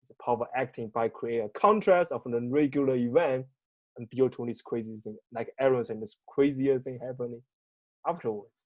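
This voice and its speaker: Male co-host, mid-pitched, measured delivery, simple phrasing with small slips. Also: no echo, lo-fi sound. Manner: measured, plain grammar slips. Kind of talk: casual discussion.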